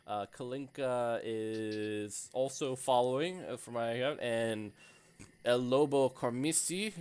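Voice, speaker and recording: A man running a tabletop game as game master, narrating in a halting way with many fillers. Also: mid-range voice, darkish tone, smooth.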